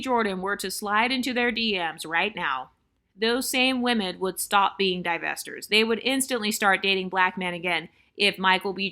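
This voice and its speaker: A woman with a bright, sharp-edged voice talks straight to camera in an opinionated commentary vlog. Her speaking pitch sits in the middle range for a woman. She is blunt and emphatic, and she circles back to repeat her points so they land. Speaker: vlogger.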